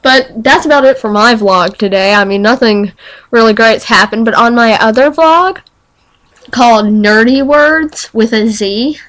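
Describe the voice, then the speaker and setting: A teenage girl with a slight lisp from retainers, vlogging at home in a dramatic, excitable way. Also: on the high side, a little slow. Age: teens. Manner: excitable and dramatic, breaks into squealing panicked quotes. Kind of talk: casual vlog monologue.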